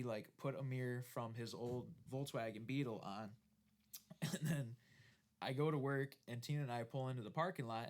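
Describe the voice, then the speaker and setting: Chill guy on a podcast, cussing and chuckling through a story. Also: medium pitch. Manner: laid-back, swearing, laughing along. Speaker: podcast co-host. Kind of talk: casual chat.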